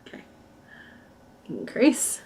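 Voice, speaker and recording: A woman's voice: takes it slowly, darkish tone. A woman streaming live as she crochets, talking casually and rambling between counts and restarts. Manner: chatty and rambling, with restarts and stitch counting half under her breath. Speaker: crochet streamer and pattern designer.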